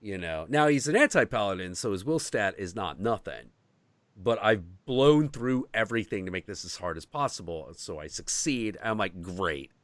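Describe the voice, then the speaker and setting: A man hosting a podcast, telling a story in casual chat, animated and swearing freely. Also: fairly low pitch, normal speed, dry recording. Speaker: podcast host.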